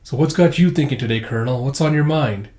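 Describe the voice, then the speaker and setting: A man's voice: mid-range voice, fast talker, a little mellow, lightly acted. Man putting on a pushy young woman. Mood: insistent. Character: young woman, curious and insistent. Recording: roomy echo.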